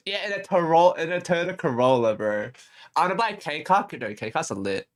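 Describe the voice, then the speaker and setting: A young man streaming as a VTuber, telling a rambling story with lots of laughing, swearing and false starts. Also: fairly high pitch. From Australia.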